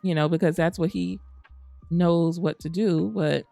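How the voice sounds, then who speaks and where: A woman with a low, gravelly voice giving relaxed running commentary on her game. She is chatty and familiar, and soft game music plays behind her. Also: measured pace, no room sound. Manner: chatty, uses "y'all" and "girl". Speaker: gaming channel host. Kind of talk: casual gameplay commentary.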